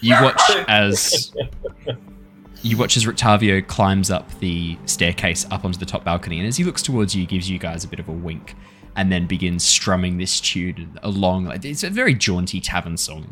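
A man's voice: sits low, expressive, normal speed, bright, forceful tone, soft background music. A man narrating as game master of a tabletop game, describing scenes in detail with playful asides.

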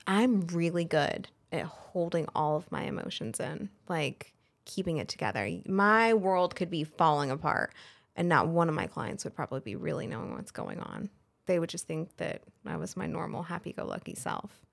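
Low, gravelly-voiced woman telling her story. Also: sing-song, moderate pace. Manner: frank and chatty, acts out remembered dialogue, frequent "like" fillers. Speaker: hairstylist and salon owner, guest. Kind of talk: casual podcast interview storytelling.

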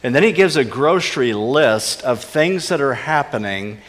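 A man preaching a sermon with earnest emphasis, his voice rising on key points and dropping to soft, low asides. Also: expressive, normal speed, big-room sound. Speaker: pastor.

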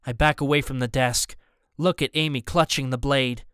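A man narrating a first-person thriller audiobook in a steady, tense way. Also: mid-range voice, moderate pace, smooth, dry recording, studio quality.

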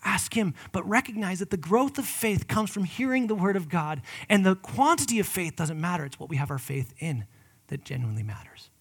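High-voiced earnest man preaching. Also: expressive, a little fast, hardly any pauses, breathy edge. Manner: earnest and conversational, swinging from loud emphatic peaks to hushed whispers; personal, addresses listeners as guys. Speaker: pastor. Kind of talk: sermon.

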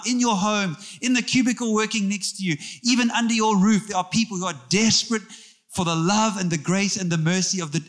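A man preaching in a church, his voice sitting high for a man. He moves from storytelling into animated jokes with the congregation and back to earnest appeals. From South Africa. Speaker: pastor. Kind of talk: sermon.

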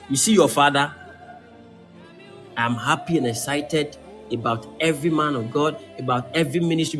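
A man preaching a sermon as pastor, breaking into shouts and sung phrases. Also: medium pitch.

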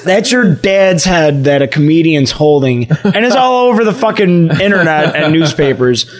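A man co-hosting a podcast, ranting in crude casual banter and laughing often. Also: on the high side. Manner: profane, laughs often, rants. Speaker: podcast co-host.

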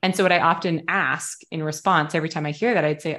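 A woman's voice: low-pitched, fairly even intonation, fast, few pauses, a bit bright. A woman, a guest educator and coach, talking enthusiastically in a casual interview, often saying "like". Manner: enthusiastic, talkative, frequent "like".

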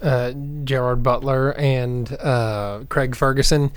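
Male podcast co-host, mid-pitched, jokey storytelling, dry close sound. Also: fairly even intonation, slow, clear, resonant tone, dry recording. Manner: joking, storytelling. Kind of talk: casual chat.

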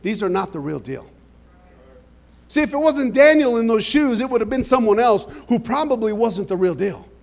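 A man's voice: extremely high pitch, animated, moderate pace, vocal fry. A middle-aged man preaching a sermon, telling stories and asking the congregation "amen?". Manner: storytelling, frequent "amen?" to the congregation. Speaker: pastor.

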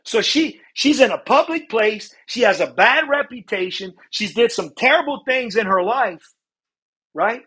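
A man's voice: very high voice, animated, measured pace, sharp tone, breathy edge. A man preaching a sermon in an earnest way. He often stops to ask "right?" and repeats words. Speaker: pastor.

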